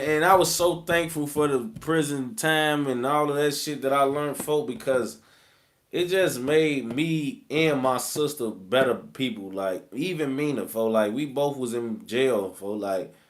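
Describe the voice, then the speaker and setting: A man's voice: mid-range voice, a little slow. A man, telling his own story in rambling, slang-heavy street talk full of fillers. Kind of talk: casual storytelling.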